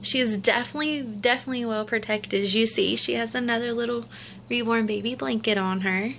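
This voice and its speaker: A woman's voice: fairly high pitch, fairly quick, gravelly, sharp tone, a little hiss or hum. A young woman, cooing and gushing over an unboxing in casual commentary. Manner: gushing and cooing, repeats exclamations. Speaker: vlogger unboxing a doll.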